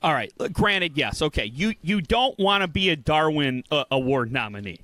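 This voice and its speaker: Guy co-hosting a podcast, fake outraged rant, bright punchy voice, dry mic. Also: on the high side, expressive, moderate pace, dry recording. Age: adult. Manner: mock-indignant, ranting. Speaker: podcast co-host. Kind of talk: casual comedic banter.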